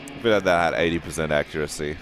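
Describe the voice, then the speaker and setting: A man streaming a game, talking casually, excitable and swearing often while he laughs at himself. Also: rumbling low, quick pace, music in the background.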